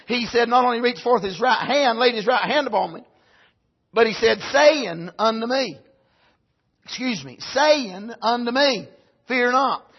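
Punctuated by amens, a man's sermon shifts from loud cries down to soft, low stretches. The voice is slightly rough and the audio sounds dull.

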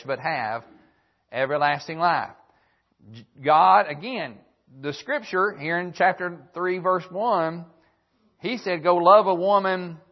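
A preacher man with a fairly high voice delivers a sermon, reading old-style scripture verses and repeating his key phrases. The sound is dull and lo-fi, like an old church broadcast.

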